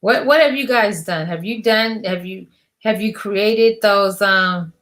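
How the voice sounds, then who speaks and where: Brief: middle-aged woman business coach, emphatic, slangy, preachy, mid-pitched. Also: unhurried, a bit bright. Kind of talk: motivational rant to camera.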